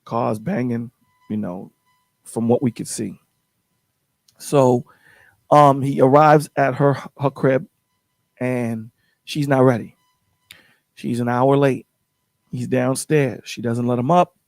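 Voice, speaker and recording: A man's voice: mid-range voice, fairly even intonation, takes it slowly, creaky, pauses often, dry recording. A man hosting a call-in show, telling a story in casual chat, rambling and repeating his words.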